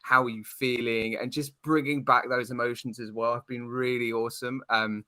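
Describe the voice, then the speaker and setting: A man's voice: mid-range voice, level tone, moderate pace, bright, forceful tone, dry recording. A man with a British accent, a guest co-host on a podcast, talking earnestly and gushing about fond memories. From United Kingdom. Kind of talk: casual podcast chat.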